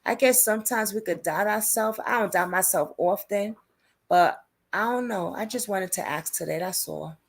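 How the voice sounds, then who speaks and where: A woman hosts a relaxed live stream, talking straight to her viewers in informal, slangy speech. She reads their comments aloud and answers them, in a voice of middle pitch. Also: normal speed. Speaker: livestream host covering a criminal case.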